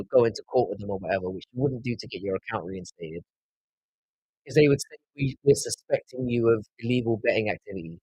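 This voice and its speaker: On a casual live stream, a host with a South London accent rambles loosely across topics, swears freely and answers his viewers' chat. His mid-range voice is husky, a little mellow and slightly rough, recorded dry and close with almost no room echo.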